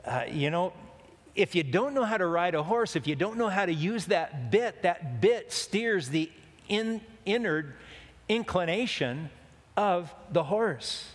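Long hall reverb surrounds a man delivering a sermon, his high voice lively in intonation and unhurried. He spins a meandering, humorous story in homespun fashion.

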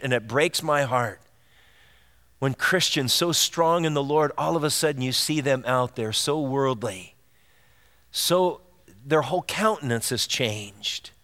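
A pastor preaches a sermon, earnest and direct, putting rhetorical questions to his listeners. His voice is fairly high-pitched and fairly bright, echoing with the long reverb of a large hall.

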